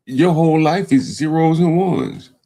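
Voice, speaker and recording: A man's voice: fairly high pitch, animated, measured pace, mellow. A man hosting a live call-in show, badgering a caller and repeating his questions. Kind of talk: confrontational call-in talk.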